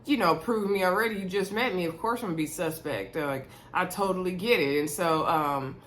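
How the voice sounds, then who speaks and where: A woman casually recapping a reality dating show, chatty and animated, quoting the cast and talking straight to her viewers. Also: fairly low pitch, brisk, slight background noise. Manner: chatty, animated, retelling scenes with quoted voices; addresses viewers directly. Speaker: reality TV reviewer.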